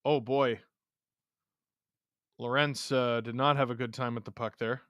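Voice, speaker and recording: A man hosting a live watch-along of a hockey game, excitably calling the play with sudden outbursts and muttered asides. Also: medium pitch, a little slow, no room sound, lo-fi sound. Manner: excitable, jumps between shouting and muttering. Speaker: host.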